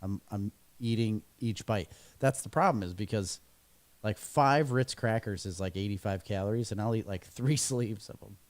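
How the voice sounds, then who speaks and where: A man co-hosting a podcast, trading deadpan jokes and laughing often in casual chat. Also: lowish voice, normal speed. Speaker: podcast co-host.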